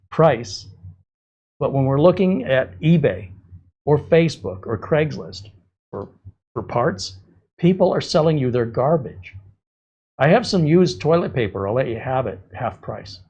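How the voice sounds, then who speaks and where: A male livestream host with a slightly husky, breathy voice, talking casually. He slips into exasperated, sarcastic rants as he goes. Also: mid-range voice, a little mellow, dull audio.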